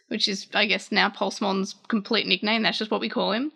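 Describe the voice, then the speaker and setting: Chatty young woman, bright voice. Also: mid-range voice, steady tone, fairly quick, gravelly, hardly any pauses. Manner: chatty, thinking aloud, frequent fillers. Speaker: channel host. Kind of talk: casual chat translating a comic.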